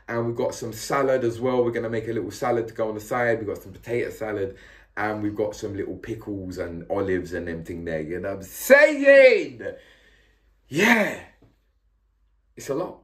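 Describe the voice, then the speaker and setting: A man chatting casually to his viewers while cooking, slangy and laid-back with excitable bursts. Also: medium pitch. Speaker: cooking vlogger. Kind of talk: casual cooking vlog chat.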